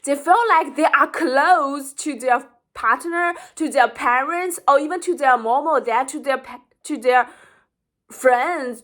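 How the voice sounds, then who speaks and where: A woman's voice: a little high, a bit bright. A woman giving an informal educational talk, explaining earnestly and often rephrasing herself as she goes. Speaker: psychology explainer.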